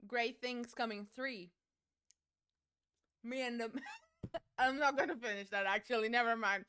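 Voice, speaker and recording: A young woman chats loosely with her stream audience as she plays, reading messages aloud between giggles and swear words. Her voice sits high and sounds bright and forceful. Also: a little slow, long pauses, clean tone. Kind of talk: casual chat with stream chat while gaming.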